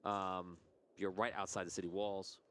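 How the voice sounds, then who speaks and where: A man acting as game master, narrating a tabletop game in a relaxed, chatty way over an online video call and laughing often. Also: deep voice, normal speed, a little hiss or hum.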